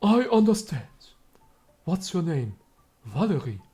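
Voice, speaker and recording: A man's voice: on the high side, big pitch swings, measured pace, mellow. An actor playing an entranced man channeling a tormented spirit, with theatrical, anguished pleading. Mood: calling out.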